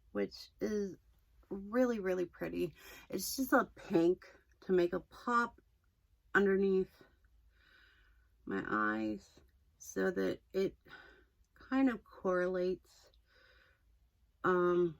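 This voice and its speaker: A young woman chatting through a makeup tutorial, rambling and self-deprecating, a little hoarse. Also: mid-range voice. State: slightly hoarse, losing her voice. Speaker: makeup vlogger.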